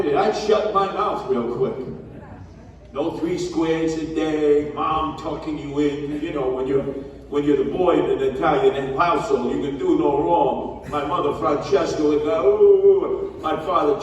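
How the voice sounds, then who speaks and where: A man delivers a blunt, scolding campaign speech at a slightly higher pitch than most men. He is heard from far off in a big echoey hall with a long reverb tail, with faint room ambience behind him. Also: measured pace, slight background noise. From New York. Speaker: mayoral candidate. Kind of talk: campaign speech to a community gathering. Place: community hall gathering.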